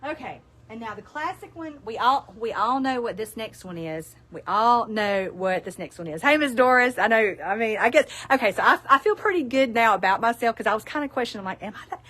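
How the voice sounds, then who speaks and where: A woman's voice: fairly high pitch, animated, fairly quick, few pauses, fairly bright tone. A middle-aged woman with a Southern US accent, running a casual live sales stream for her shop, chatting in a folksy way and laughing a lot. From South Alabama. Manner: chatty, laughs often, folksy asides to viewers. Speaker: store owner presenting products.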